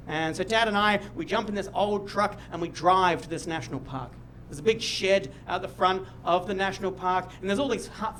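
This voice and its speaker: A young Australian man doing stand-up, telling a long story about his family and sometimes shouting out the lines he acts out. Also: high-pitched, slight background noise. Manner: animated, jumps to loud shouts when acting out his dad. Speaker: stand-up comedian. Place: comedy stage before a live audience.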